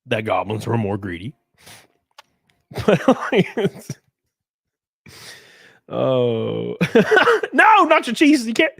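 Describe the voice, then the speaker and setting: A man's voice: medium pitch, dry recording. A man with a Southern US accent chatting casually on a live stream, reading chat aloud, swearing freely and laughing often.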